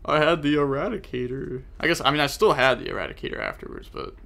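Gravelly, bright-toned young male streamer. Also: on the high side, big pitch swings, fast. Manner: frustrated, self-critical, talks to chat. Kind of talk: live card game commentary.

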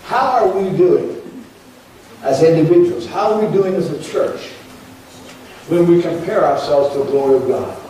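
This pastor's sermon is earnest, full of repeated words and pleas that rise into prayer. His voice is on the high side and mellow, moderately paced with long pauses. Heard from a distance in an echoey church, the audio carries faint ambience and slight background noise.

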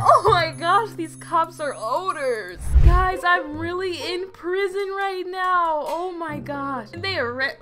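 A woman's voice: high-pitched, animated, measured pace, few pauses, a bit bright. A woman narrating her roleplay game with indignant, dramatic reactions, talking to viewers, over game music. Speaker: gaming video narrator.

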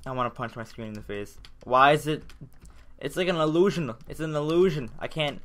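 A man's voice: a little high, expressive, fairly quick, fairly bright tone. A young man with a sore throat giving casual gameplay commentary, ranting and swearing in frustration as he keeps failing. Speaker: gaming channel host.

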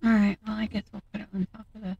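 A woman's voice: medium pitch, level tone, racing, gravelly, dark tone, husky, muffled recording. A woman hosting a gaming video, chatting casually and thinking aloud as she plays. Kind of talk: casual game commentary.

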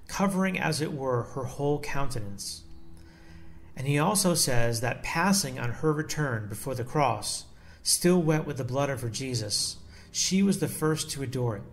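A man reading a devotional text aloud in a slow, solemn and measured way. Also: medium pitch, lively intonation, a little hiss or hum. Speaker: devotional reader.

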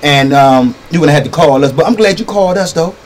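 An actor playing a brash, profane male police detective who uses a wheelchair, talking loudly and bragging. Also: fairly high pitch, quick pace, roomy sound, far from the mic, crowd noise, close to an everyday voice. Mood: boastful. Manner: loud, cursing, bragging. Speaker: detective in a comedy film.

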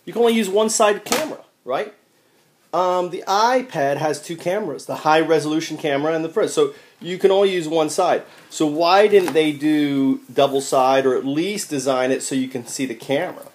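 A man complaining about a tablet case he bought, talking haltingly. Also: a little high, slight background noise. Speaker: product reviewer.

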